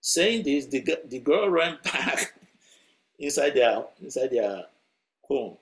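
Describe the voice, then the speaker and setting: A man's voice: mid-range voice, big pitch swings, slow pace. A man preaching a sermon through a story, conversational and chuckling as he tells it.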